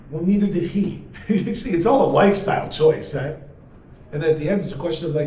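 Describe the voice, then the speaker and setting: A man teaching a class as a rabbi, lively and full of humor, who keeps asking his listeners rhetorical questions. His voice sits a bit high for a man and echoes heavily around a large hall. He is recorded from a distance, with a faint hiss underneath. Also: a little fast. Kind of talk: lively classroom lecture with storytelling. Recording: very echoey hall, mic far off, faint noise.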